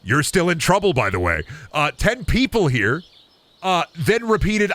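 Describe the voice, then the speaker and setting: A man's voice: sits high, very animated, normal speed, fairly bright tone. A man streaming a farming game, chatting casually and crudely with his viewers in rambling, mock-dramatic riffs. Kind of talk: casual gameplay commentary. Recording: game music behind.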